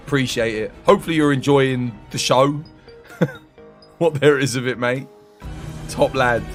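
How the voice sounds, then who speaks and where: A tired man talks to his stream chat in a slow, dragging way, his voice fading after eighteen hours awake. He sits a little high in pitch for a man and jokes around as he thanks viewers. Faint music plays behind him. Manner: weary and drawn-out, joking, thanking viewers by name. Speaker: live streamer.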